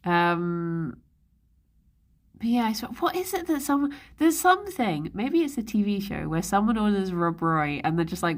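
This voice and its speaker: A woman's voice: fairly low pitch, sing-song, normal speed. A young woman streaming live, chatting casually and rambling, laughing often as she goes. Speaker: livestreamer. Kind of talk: casual chat.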